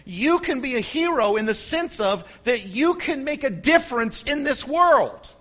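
A man's voice: very high-pitched, moderate pace. A man preaching a sermon to his congregation, telling stories with animation and often calling out "Amen?" to the room. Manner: animated storytelling, frequent call-outs to the congregation. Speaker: pastor. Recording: dull lo-fi recording.

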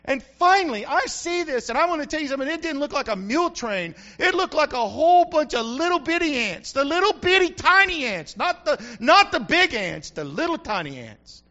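A man's voice: very high-pitched, big pitch swings, fairly quick, hardly any pauses, bright, forceful tone. A middle-aged male pastor giving a folksy, emphatic sermon with repeated refrains. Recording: muffled lo-fi recording.

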